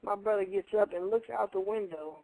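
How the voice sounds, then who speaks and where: A man with a high, gravelly voice spins a rambling yarn on a radio show, talking casually and looping back over his own phrases. His voice is close and dry, with no room around it. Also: fairly quick, a little mellow, no room sound, poor audio. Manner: rambling, colloquial, repeats phrases. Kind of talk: casual storytelling.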